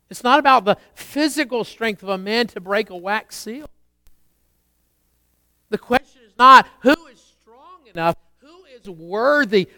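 A man delivering a sermon in a high, smooth, resonant voice. He swells into emphatic declarations and then drops low and quick for conversational asides. The sound is close and dry. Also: pushed and bright, no echo. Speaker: pastor.

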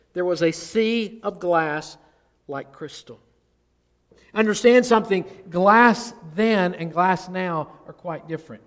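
A male pastor preaching an expository sermon, earnest, swelling on key words and dropping low at the ends of phrases. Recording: long hall reverb.

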